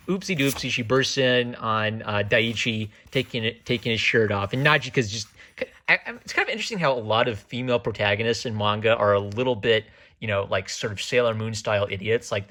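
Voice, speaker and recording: A man's voice: on the low side, bright, forceful tone. A man giving a casual, enthusiastic comic review, joking and wandering off on tangents as he talks. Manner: enthusiastic, digressive, jokey. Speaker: manga reviewer.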